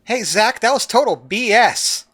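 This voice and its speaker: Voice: mid-range voice, animated, measured pace, a bit bright, pitched above the performer's own voice. A let's player voicing an earnest, kind young boy in a video game, speaking eagerly and apologetically in a raised voice. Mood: consoling.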